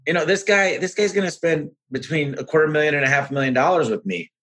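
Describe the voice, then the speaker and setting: A man hosting a podcast and telling business stories in an energetic, frank, rambling way. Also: on the high side, quick pace, husky. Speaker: podcast host and business owner. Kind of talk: casual conversational storytelling.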